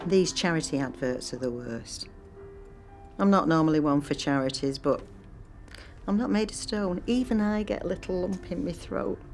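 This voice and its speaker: A talkative woman in her sixties, stuck on hold on the phone. She rambles on with a dry, wry humour, and her voice sits a little on the low side. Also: expressive, moderate pace, a little mellow, soft background music. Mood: wry musing. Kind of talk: film monologue acting.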